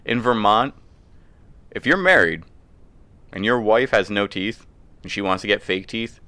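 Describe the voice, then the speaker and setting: Man, podcast co-host, casual crude banter, animated, bright tone. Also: on the low side, a little slow, no echo. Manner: animated storyteller, laughs often, mimics voices. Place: indoor room, video podcast.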